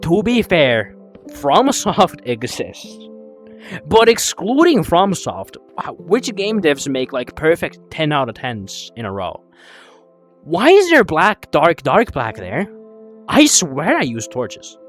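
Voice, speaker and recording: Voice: mid-range voice, wildly swooping pitch, takes it slowly, soft background music. A young adult streamer chatting casually while playing a VR game, rambling, swearing and answering chat, a bit out of breath.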